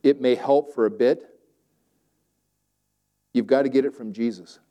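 A male pastor preaching a sermon, swinging between loud emphatic declarations and quiet, conversational asides. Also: mid-range voice, unhurried, muffled recording.

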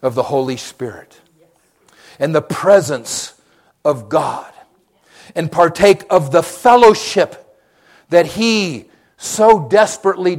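A man preaching a sermon as pastor, swinging between quiet, low passages and loud, rising calls, often asking the congregation questions.

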